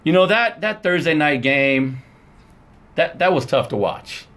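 Male sports podcast co-host, high voice, animated, playful banter. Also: unhurried. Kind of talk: casual sports talk.

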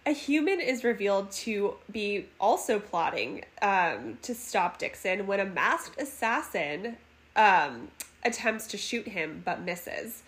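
A woman's voice: medium pitch, expressive, slow pace, fairly bright tone. A woman co-hosting a casual podcast, reading out a movie plot summary and laughing often. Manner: giggly, reads plot summary between laughs. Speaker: podcast co-host. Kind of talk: casual movie recap chat.

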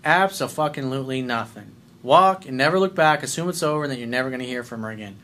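A man's voice: medium pitch, fast talker, bright, forceful tone. A man coaching listeners on dating in a blunt, emphatic, profane way. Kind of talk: advice monologue reading listener letters.

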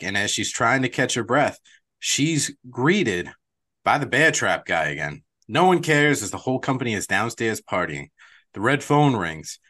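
A man's voice: lowish voice, sharp tone. A man co-hosting a podcast, casually recapping a film in slangy, profane chat full of "dude" and "man". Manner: slangy, swearing, says dude and man a lot. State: lightheaded and sweaty.

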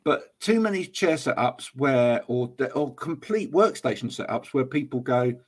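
A man hosting a casual podcast chat, animated and laughing as he acts out what other people say. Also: mid-range voice, moderate pace, slightly rough. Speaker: podcast host.

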